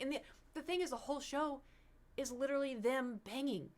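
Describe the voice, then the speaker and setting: A young woman chatting casually with viewers on a livestream, rambling and animated, slipping into mocking impressions. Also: high-pitched, fairly quick. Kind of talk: casual stream chat with viewers.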